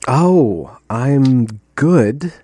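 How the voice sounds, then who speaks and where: A man's voice: mid-range voice, lively intonation, very slow, dark tone, slight background noise. A man hosting a casual conversation, talking in a meandering, playful way and thinking aloud. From United States.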